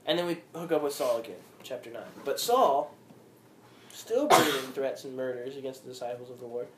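A man teaching a casual Bible study at a middle pitch, reading passages aloud before unpacking them with questions to the group. The room sounds roomy and echoing. A faint hiss of background noise sits under his voice. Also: a little fast. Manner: reads scripture aloud, then explains with questions to the group.

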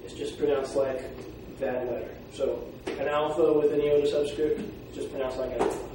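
A man teaching a Greek class, explaining pronunciation and sounding out words slowly. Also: a little high, fairly even intonation. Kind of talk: classroom lecture. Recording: echoey room from far off, faint noise.

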